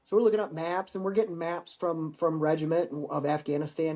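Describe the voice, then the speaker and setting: A man in his forties, a Marine veteran guest, telling war-training stories in a casual, profane, animated way. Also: on the high side, a little fast, few pauses. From United States. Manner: profane, animated storyteller acting out dialogue. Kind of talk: casual storytelling interview.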